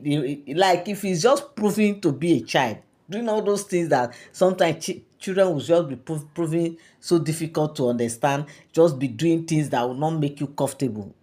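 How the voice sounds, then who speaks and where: Nigerian woman, low voice, chatty gossip vlogger who rambles and repeats herself. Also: darkish tone. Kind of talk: casual gossip storytelling.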